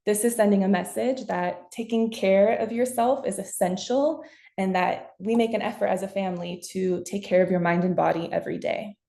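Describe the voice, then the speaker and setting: Mellow-voiced woman presenting in an echoey room. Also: mid-range voice, creaky. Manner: casual and chatty, acts out example self-talk. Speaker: parent workshop presenter who works with young children. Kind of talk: conversational webinar presentation.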